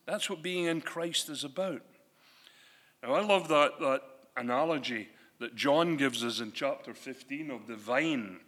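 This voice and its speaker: A man preaching a sermon, animated and conversational, asking his listeners questions. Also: mid-range voice. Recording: long hall reverb.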